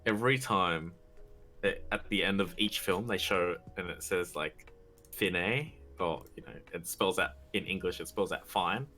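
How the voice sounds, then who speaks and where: A man co-hosting a casual film review chat, sheepishly admitting a quirk and trailing off softly. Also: low voice, moderate pace. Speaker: podcast co-host.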